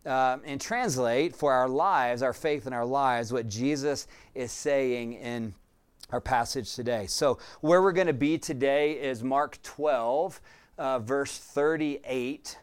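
A man preaching a sermon as pastor, earnest, with frequent fillers and pauses. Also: mid-range voice, smooth.

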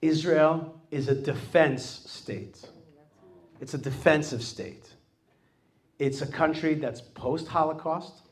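A man giving a lively talk to a live audience in a hall. He jokes with the crowd, asks them questions and acts out other people's voices. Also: on the high side, takes it slowly.

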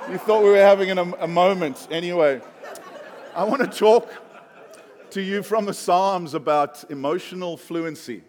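Male preacher, slightly high voice, relaxed joking sermon, long hall echo. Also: normal speed, some chatter behind. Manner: chatty, joking, with frequent fillers. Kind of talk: conversational sermon.

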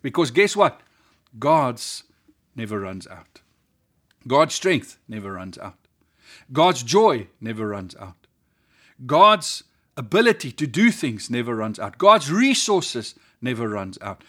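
A man's voice: medium pitch, sing-song, takes it slowly, fairly bright tone, husky. A man with a South African accent preaching a sermon as pastor, earnest, building his points through emphatic repetition.

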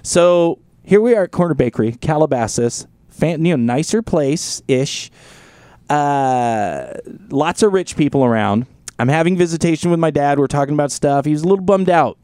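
A man hosting a casual podcast chat, telling a story in an animated, profane way. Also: fairly high pitch, normal speed, no echo, studio quality. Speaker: podcast host.

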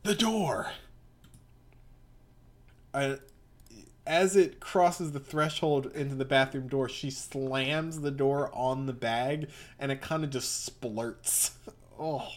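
A man's voice: mid-range voice, slow. A man reading through a comic aloud in casual, bemused chat. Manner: bemused, rambling.

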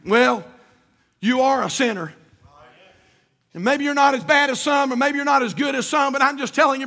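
A pastor preaching a fiery sermon in a church, swinging between shouted, singsong runs and quiet, low passages. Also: male voice, normal speed, long pauses.

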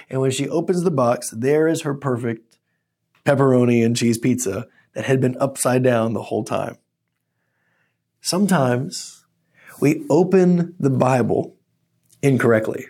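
A man's voice: mid-range voice, moderate pace. A man pastor preaching a teaching sermon, opening in prayer and telling stories with energy. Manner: earnest teaching, animated storytelling.

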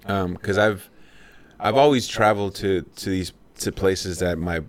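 A man's voice: low-pitched, fairly even intonation, measured pace. A man who grew up in Mexico, a podcast guest telling loose, rambling stories with many restarts. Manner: rambling storyteller with frequent restarts. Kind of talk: casual chat.

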